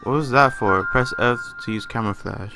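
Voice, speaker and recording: A man's voice: medium pitch, fairly quick, music in the background. A young man commentating a horror game he is playing at home. He swears a lot and swings from muttering to panicked screaming. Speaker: gaming YouTuber.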